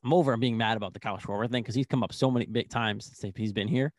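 A young man co-hosting a casual sports chat, excitable and rambling, full of "like". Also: medium pitch, racing, no room sound, clean studio sound. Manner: excitable, rambling, heavy use of "like". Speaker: sports podcast co-host.

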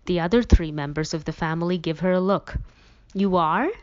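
A woman reading a novel aloud as an audiobook reader, in a plain, even storytelling manner. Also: on the low side, fast, smooth. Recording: dull lo-fi recording.

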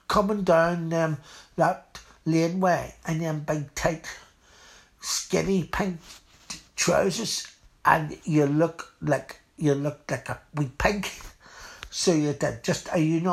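A woman's voice: deep voice, slow pace, gravelly. A woman playing a blunt, chatty auntie in a comedy sketch. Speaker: comic auntie.

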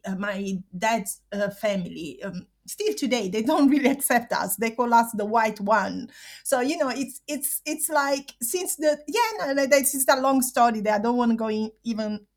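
Emotional woman, halting and near tears. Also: on the high side. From Italy. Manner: halting, laughs through emotion, repeats herself. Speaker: interviewee. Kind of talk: emotional personal interview.

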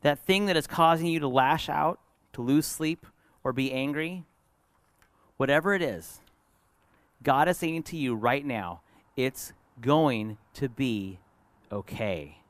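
A middle-aged man, a pastor preaching a sermon, telling a personal story in an earnest way that moves between lively and hushed. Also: on the high side, measured pace, long pauses, no room sound.

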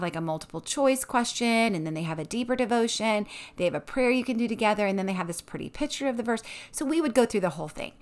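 Woman, mid-pitch, lively and friendly, casual mom sharing a family devotional routine. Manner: upbeat and expressive, laughs often. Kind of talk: casual tips talk.

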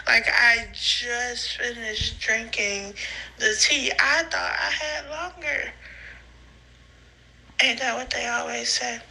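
A young woman recording rambling phone voice notes, giggly, profane and slangy, high and tearful, often breaking into laughing squeals. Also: fairly even intonation, slow, vocal fry, bright, forceful tone, poor audio. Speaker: podcaster sending voice notes. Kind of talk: rambling voice-note monologue. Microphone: phone voice memo.

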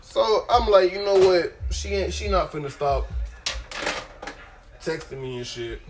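A young man hosting a podcast, telling a story in a casual, profane way, jumping from loud outbursts to low muttering. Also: expressive, unhurried, music in the background. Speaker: podcast host.

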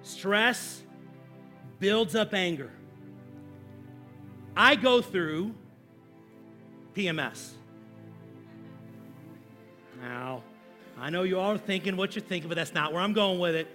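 Man, forties, pastor, sermon, high voice, call and response, loud-to-hushed swings. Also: animated, takes it slowly, long pauses, soft background music. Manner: swings between loud, high emphasis and quiet, low asides; addresses the congregation directly, prompting call and response.

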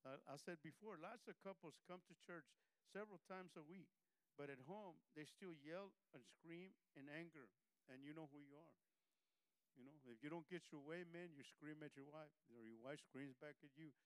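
A man's voice: on the high side, moderate pace, smooth, no room sound, rough recording. Man preaching, exhorting his listeners. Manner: exhorting, repeatedly asks if listeners are following; conversational with many "you know" fillers. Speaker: pastor. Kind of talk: sermon. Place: church service.

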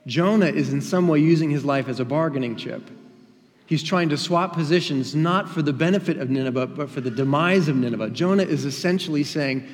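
A man's voice: a little high, brisk. Emphatic man preaching in a reverberant hall. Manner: emphatic, with rising and falling emphasis. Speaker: pastor. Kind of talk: sermon. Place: church sanctuary.

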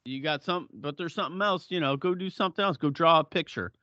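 A man's voice: on the high side, fast talker, pushed and bright, dry recording, muffled recording. A middle-aged man co-hosting a podcast in casual chat, blunt and profane, often laughing. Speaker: podcast co-host.

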